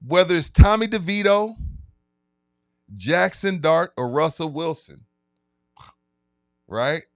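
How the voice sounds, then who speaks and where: A man co-hosting a casual sports podcast, chatting and hyping up sponsor plugs with drawn-out emphasis. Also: on the high side, animated, no echo, clean studio sound. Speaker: podcast co-host.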